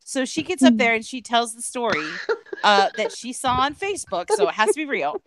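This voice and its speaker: A woman's voice: on the high side, fairly quick, crowd noise. A woman co-hosting a casual chat stream, telling stories with frequent laughter. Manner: giggly, animated storyteller. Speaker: stream co-host.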